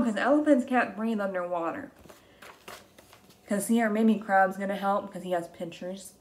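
A young woman teacher reading a picture book aloud to young children, slow and gentle, gasping with exaggerated excitement. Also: medium pitch.

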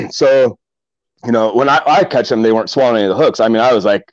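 A man's voice: medium pitch, expressive, a little fast, no echo, lo-fi sound. A middle-aged man from Omaha, a kayak angler, tells stories casually in a podcast interview, rambling with many fillers and restarts.

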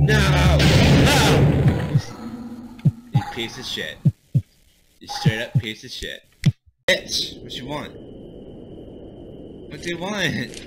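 A young man commenting on his own gameplay, excitable and loud, with frequent swearing outbursts. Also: medium pitch, takes it slowly, long pauses, heavy background noise. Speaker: gaming video host. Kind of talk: game commentary. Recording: loud game music underneath.

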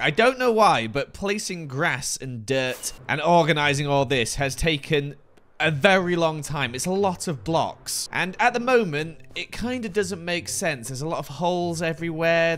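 Hoarse man rambling over gameplay. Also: on the high side, animated, a little slow, fairly bright tone. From United Kingdom. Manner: chatty, self-mocking, rambling asides. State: hoarse, voice worn out. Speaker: Minecraft video host. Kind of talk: game commentary voice-over. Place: at home, recorded later as voice-over.

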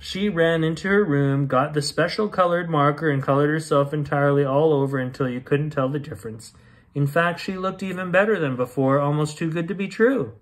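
A man hosting and reading a children's bedtime story aloud, gentle and expressive. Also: fairly high pitch, fairly quick. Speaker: host reading bedtime stories.

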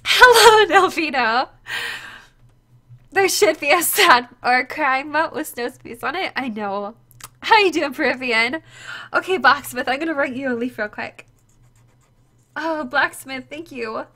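A woman's voice: sits high, expressive, unhurried, long pauses, pushed and bright. A woman streaming live to her viewers, gushing and tearful as she opens a gift, exclaiming often. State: tearful, close to crying.

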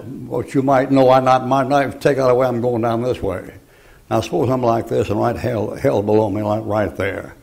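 A man's voice: mid-range voice, fairly even intonation, normal speed, creaky, a little mellow. An older man preaching a folksy, joking sermon, rambling through homespun stories.

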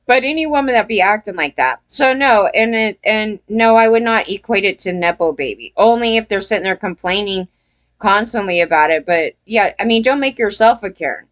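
A woman's voice: medium pitch, animated, a little fast, fairly bright tone. Profane, rambling woman telling a story. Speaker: vlogger. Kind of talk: casual storytelling rant.

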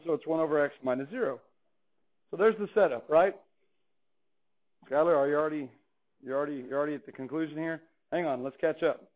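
A man teaching a calculus class in a chatty, playful way, often asking the students questions. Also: on the high side. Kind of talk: classroom lecture. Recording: tinny phone-like classroom recording.

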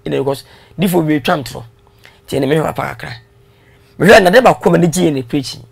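A man with a gravelly, slightly rough voice talks through his story as an interview guest. He tells it in a lively, casual way, laughing along and mixing in English phrases. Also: fairly high pitch, fast talker.

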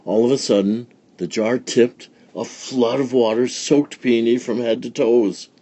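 A man reading a children's picture book aloud in a slow, deliberate storytelling manner. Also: mid-range voice, fairly even intonation, warm tone, slightly rough. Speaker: storybook reader.

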